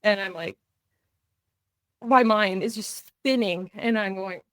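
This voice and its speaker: Slow and medium-pitched, with no echo, a middle-aged woman tells a personal story as a podcast guest. Her earnest recounting keeps turning into quoted dialogue, and when things tense up she restarts and reaches for fillers.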